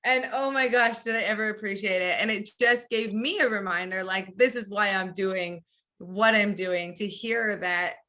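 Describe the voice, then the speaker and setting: A woman's voice: medium pitch, normal speed, pushed and bright. A woman hosting a podcast interview, chatty and effusive. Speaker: podcast host and coach. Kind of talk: casual interview.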